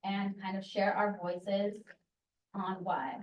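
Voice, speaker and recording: A woman's voice: medium pitch, little pitch movement, slow. A young woman, a university student, giving an earnest, passionate public comment at a student government meeting. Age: young adult. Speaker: student speaker at public forum. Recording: echoey room, distant mic, dull sound.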